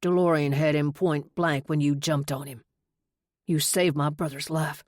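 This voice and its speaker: A woman voicing a gruff young rancher man with a hoarse, husky voice in an audiobook. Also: low voice, fairly even intonation, a little slow, a little mellow, dry recording, studio quality. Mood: gruff, emotional.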